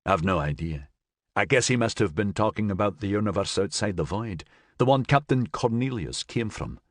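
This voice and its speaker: A man voicing a grieving young man who speaks softly in a shaky voice. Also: fairly low pitch, lively intonation, moderate pace, no echo, clean studio sound. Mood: subdued. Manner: soft, shaky.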